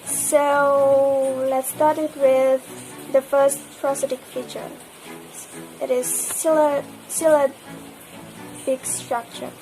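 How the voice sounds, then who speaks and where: A woman's voice: sits high, little pitch movement, extremely slow, long pauses, dark tone, faint music behind, poor audio. A young woman from Indonesia with an Indonesian accent, reading a class presentation carefully and restarting words mid-phrase. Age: young adult. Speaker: student presenter.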